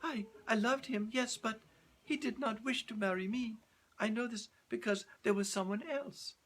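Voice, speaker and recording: A man's voice: high-pitched, moderate pace, fairly bright tone, voice pushed up. A man doing a distraught young woman. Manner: faltering, stammering.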